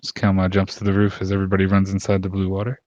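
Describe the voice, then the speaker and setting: Male game master, low voice, loose and rambling, dull lo-fi chat audio with a dry sound. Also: rapid-fire, no echo. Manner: relaxed, rambling with many fillers. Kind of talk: running an online tabletop game.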